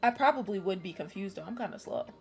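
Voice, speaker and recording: A woman's voice: medium pitch, expressive, fast talker, vocal fry, a little mellow, faint music behind. Young woman streamer, casual and swearing. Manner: casual, swearing, nervous chatter. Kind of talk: casual live-stream chat.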